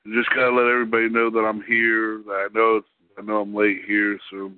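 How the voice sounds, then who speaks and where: A man's voice: on the low side, completely flat delivery, brisk, a little hiss or hum. A man hosting a live call-in internet radio show, chatting casually and rambling to fill time while he waits for callers. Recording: tinny phone line, dry.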